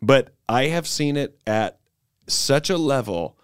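Man, podcast co-host, casual comedic chat, lively swooping pitch, dry close mic. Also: smooth, no room sound. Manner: animated, riffing, quick to laugh.

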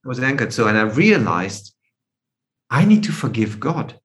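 A man's voice: mid-range voice, very animated, unhurried, fairly bright tone. A man coaching on forgiveness in a podcast interview, reflective, explaining through rhetorical questions.

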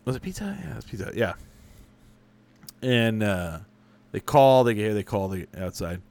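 A man's voice: fairly low pitch, lively intonation, moderate pace, creaky, darkish tone. A young adult man chatting casually as a podcast host, answering listener questions with rambling, profane, self-correcting stories. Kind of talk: casual chat.

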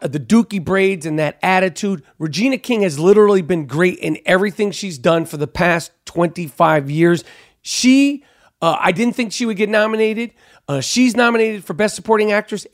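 Brash, high-voiced man giving blunt predictions. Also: no room sound, clean studio sound. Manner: blunt, brash, emphatic, many fillers. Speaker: commentator giving award predictions. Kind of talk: casual opinionated monologue.

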